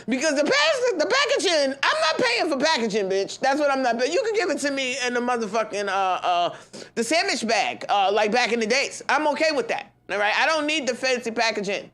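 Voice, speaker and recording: A young adult woman hosts a podcast and launches into a heated, profane rant. Her pitch sits a bit high and leaps all over the place. She swings between loud outbursts and low grumbles and laughs through her words. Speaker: podcast host. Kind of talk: ranting monologue.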